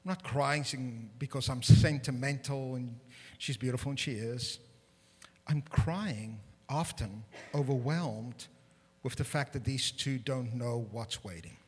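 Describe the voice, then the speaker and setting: A man preaching a sermon in a church, animated and humorous with self-deprecating asides, building to loud emphatic peaks. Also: mid-range voice, a little slow, husky. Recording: long hall reverb.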